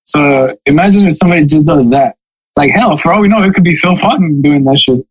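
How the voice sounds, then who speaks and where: A man's voice: a little high, fairly quick, slightly rough, no room sound, low-quality recording. A man co-hosting a casual soccer podcast, rambling with lots of fillers and dry sarcasm. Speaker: podcast co-host.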